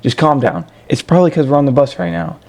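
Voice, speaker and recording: A man voicing his teenage friend, who calmly talks him down in a soothing, coaxing way. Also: on the high side, quick pace, creaky. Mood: calming. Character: teenage boy friend, calm and reassuring.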